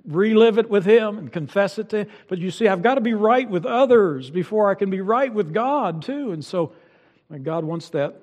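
A man's voice: sits high, animated, moderate pace, darkish tone. A middle-aged male pastor preaching an earnest sermon and often restarting his sentences. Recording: long hall reverb.

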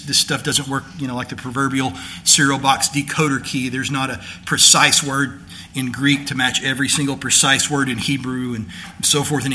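Bright-voiced male pastor preaching. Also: on the high side. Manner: conversational teaching, rising to emphatic declaration. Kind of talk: sermon.

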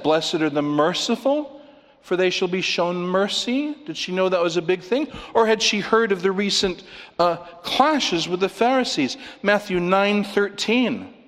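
A man preaching an expository sermon, working through his outline and acting out quoted lines with sudden loud cries. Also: sits high. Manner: animated, outline-driven, acts out quoted pleas loudly. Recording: long reverb of a church hall.

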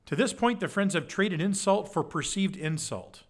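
An animated man preaches at a normal speed, keeping his Bible study conversational. He throws in "right?" again and again and dramatizes quotations by changing his pitch.

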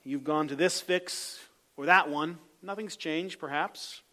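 High-voiced preacher, loud then hushed. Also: male voice, a little slow. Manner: swings from loud emphatic calls to soft low asides. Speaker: pastor. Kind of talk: sermon.

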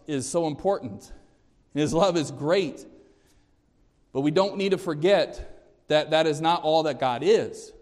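A man preaching a sermon to a congregation as their pastor. He is emphatic, quizzes his listeners with questions, and restarts and repeats words. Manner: emphatic, often rising in pitch and volume, quizzing the congregation; repeats and restarts words, measured and deliberate in places. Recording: long hall reverb.

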